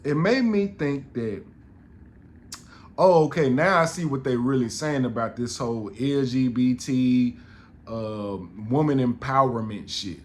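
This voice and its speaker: A man's voice: medium pitch, measured pace. A middle-aged man, telling a story on a podcast in an exasperated, profane rant full of restarts. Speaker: podcast host.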